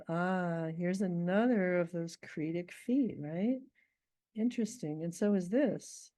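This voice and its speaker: A middle-aged woman poet, reading her poem slowly and then explaining its meter in a thoughtful, measured way. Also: fairly low pitch, warm tone, no room sound.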